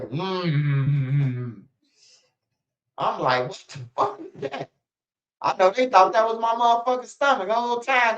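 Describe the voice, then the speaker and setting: A man's voice: high-pitched, a bit bright. Rambling man on a lo-fi stream. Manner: loose, rambling, swears often. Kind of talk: casual livestream commentary. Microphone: streaming setup. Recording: slightly dull lo-fi stream audio.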